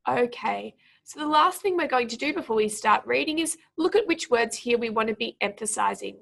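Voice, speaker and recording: Woman tutor walking through pronunciation, a bit higher voice with some gravel in it, drags out words slowly to show syllables. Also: animated. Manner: slow, drawn-out syllables when modeling words. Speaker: speaking tutor. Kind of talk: exam pronunciation lesson.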